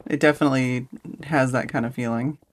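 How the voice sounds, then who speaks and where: A woman's voice: very deep voice, steady tone, brisk, slight background noise. A woman streamer chatting casually on a live stream, rambling and giggly, full of fillers and restarts. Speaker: streamer host.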